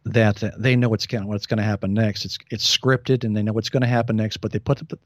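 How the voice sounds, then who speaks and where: A man's voice: lowish voice, flat delivery, quick pace, no room sound, highs cut off. An American man chatting casually as a podcast guest, often stumbling and repeating words as he restarts. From United States. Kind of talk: casual conversational chat.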